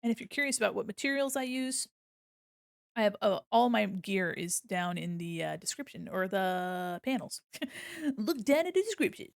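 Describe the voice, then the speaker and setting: A woman's voice: medium pitch, expressive, normal speed, creaky, clean tone, no echo, clean studio sound. A woman streaming her drawing session, chatting casually and giggling while she explains each step. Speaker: art streamer. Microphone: desk microphone.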